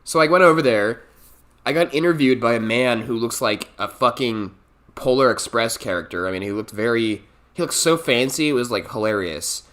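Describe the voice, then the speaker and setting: A young man telling a comic story about his life, profane and animated, acting out the people in it. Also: medium pitch, normal speed. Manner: animated, profane, acts out quoted voices. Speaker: storytime YouTuber. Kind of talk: comedic storytime monologue.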